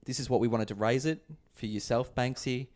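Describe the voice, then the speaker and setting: A man's voice: mid-range voice, steady tone, brisk, a little mellow. A man hosting a casual fantasy basketball chat, leading the talk with jokey asides. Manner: chatty, leads the discussion, jokey asides. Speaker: podcast host.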